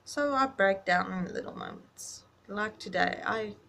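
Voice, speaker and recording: A grieving woman talking in a personal video diary, halting and reflective, stopping to search for words and close to tears. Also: mid-range voice, gravelly, a bit bright. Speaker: vlogger.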